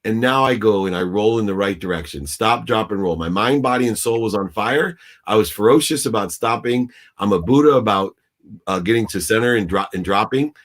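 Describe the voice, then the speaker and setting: A man's voice: fairly low pitch, fairly quick. A man on a video call telling a personal story in an intense, preachy way, as a business coach guest. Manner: intense, preachy, acts out shouting in quotes. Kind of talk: animated storytelling in a talk interview.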